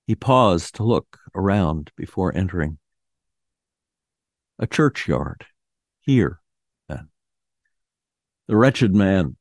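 A man hosting a radio show, reading a classic ghost story aloud in a measured, solemn narration. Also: on the low side, darkish tone, no echo, studio quality.

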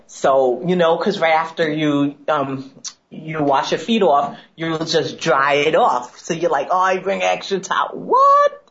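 A young woman co-hosting a casual chat show, telling stories with lots of laughter and quoted voices. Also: sits low. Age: 20s. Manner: chatty storyteller, laughs often, animated quoting. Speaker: co-host. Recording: dull lo-fi sound.

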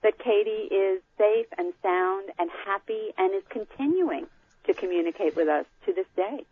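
A woman's voice: medium pitch, normal speed. Woman telling a story over a phone line. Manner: animated storyteller, acting out quotes. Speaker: guest. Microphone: phone call.

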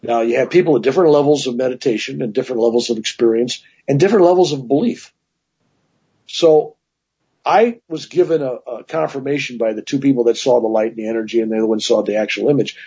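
A man's voice: medium pitch, fast, breathy edge, muffled recording. A man telling long personal stories as a guest in a casual interview, with many asides. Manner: rambling, animated anecdotes with many "right?" asides.

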